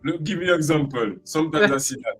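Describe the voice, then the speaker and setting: A man's voice: on the high side, fast, a bit bright, husky, faint music behind, low-quality recording. A man from Guadeloupe with a Guadeloupean French accent, chatting in an interview and acting out expressions with playful voices. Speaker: creative arts specialist guest. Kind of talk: casual interview chat.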